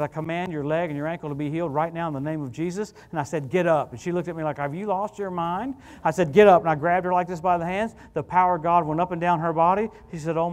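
Animated preacher in a reverberant church. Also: male voice, high-pitched. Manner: storytelling, animated and conversational. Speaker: guest preacher. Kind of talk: sermon. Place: church sanctuary.

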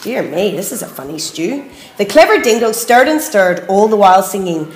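A woman, a preschool teacher, reading a picture book aloud in a lively, expressive way, adding asides for the children. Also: medium pitch, moderate pace, slight background noise. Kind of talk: storybook read-aloud. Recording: echoey room.

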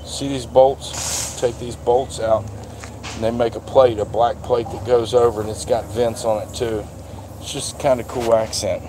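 A man rambling in a casual walkaround vlog at a car dealership lot, folksy and dropping the odd mild swear, recorded on a handheld phone. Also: mid-range voice. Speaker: vlogger. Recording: outdoor traffic noise behind.

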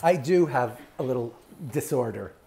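Campy male cooking host, very lively, swooping delivery, kitchen clatter faint behind. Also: mid-range voice, normal speed, gravelly, a little hiss or hum. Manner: theatrical and campy, calls people darling. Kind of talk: casual kitchen chat. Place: home kitchen.

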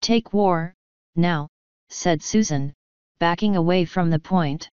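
A woman reading an audiobook in a calm, measured narration. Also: on the low side, clear, resonant tone, dry recording. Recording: dull lo-fi audio.

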